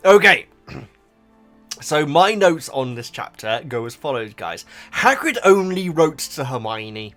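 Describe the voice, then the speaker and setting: A man hosting a casual book reaction, animated and emotional, with frequent restarts. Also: medium pitch, unhurried, soft background music.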